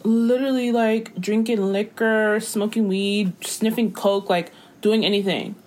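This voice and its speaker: A young woman in casual chat as co-host, emphatic and exasperated, quick to agree. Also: medium pitch, steady tone, darkish tone.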